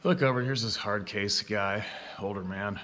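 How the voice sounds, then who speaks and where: Guy rambling on his vlog, kinda low voice but bright and forceful, cusses a bit. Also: moderate pace, slight background noise. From Canada. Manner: blunt and profane, with frequent asides. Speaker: vlogger. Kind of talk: casual rambling storytelling.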